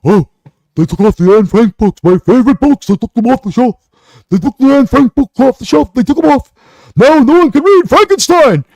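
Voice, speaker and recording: A man mimicking a frantic, pleading male show host who breathlessly repeats "sir" over and over in an excited, whiny, insistent way. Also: extremely high pitch, moderate pace, no echo, pitched above the performer's own voice, full character voice. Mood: wailing.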